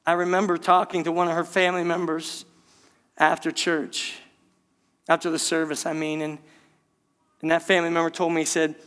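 A man's voice: fairly high pitch, fairly bright tone. A male pastor giving an earnest, impassioned sermon, often calling the congregation "church".

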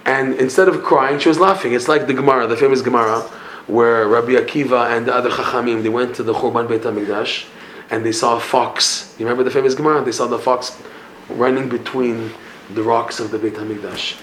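Guy giving a torah class, tells stories, animated, throws in hebrew words, echoey room w a bit of background noise. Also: mid-range voice, fairly quick. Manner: animated storytelling, mixing Hebrew and Yiddish terms, laughs at punchlines. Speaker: Breslov teacher. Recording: echoey room with faint ambience.

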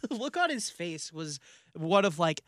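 A man co-hosting a relaxed podcast, talking loosely and laughing easily as he goes. His voice sits a little high. The sound is close and dry. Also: a little slow, no room sound. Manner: chatty, laughs often, trails off and restarts. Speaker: podcast co-host. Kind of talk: casual chat.

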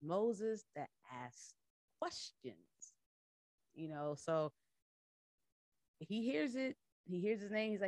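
A woman's voice: medium pitch, expressive, slow pace, long pauses, a little mellow, no room sound. A woman podcast host and coach giving a casual Bible teaching talk, conversational and laughing often as she acts out voices in her retelling.

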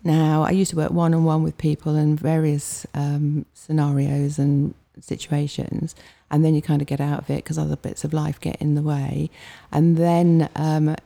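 A middle-aged woman from Hampshire, England, chatting as an interview guest and telling a lively story about how she started organising comedy nights. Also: sits low, moderate pace, vocal fry, few pauses.

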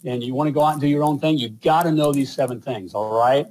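A man's voice: mid-range voice, brisk, a little mellow, low-quality recording. A man, hosting a live show in casual, rambling talk full of fillers and repeated "all right?". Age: 50s. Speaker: podcast host.

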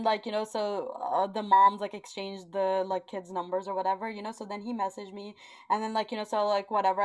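A woman in casual chat, telling an animated story full of fillers. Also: medium pitch. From Canada.

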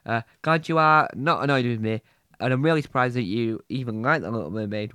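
A man narrates a homemade comic story, earnest and a little halting. His pitch sits in the middle of the range. The sound is dry and close. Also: bright, forceful tone, clear, resonant tone, dry recording. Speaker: narrator and lead of a homemade comedy.

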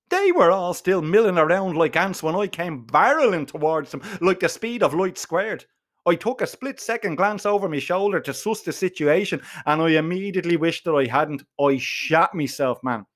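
A man telling a comic first-person story, full of swearing and slang. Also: high-pitched. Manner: profane, slangy, animated.

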